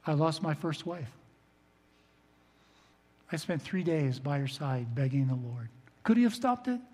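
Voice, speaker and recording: An older man, a pastor preaching a sermon to his congregation, earnest, swinging between loud emphasis and soft low asides. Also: expressive, measured pace. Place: church sanctuary. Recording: long reverb of a large hall.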